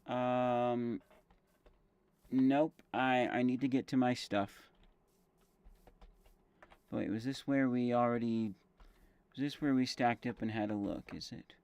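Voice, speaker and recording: A man's voice: mid-range voice, steady tone, slow pace, pauses often, darkish tone, smooth, no echo, highs cut off. A man casually commentating his game stream, thinking aloud with fillers and self-corrections while chewing gum.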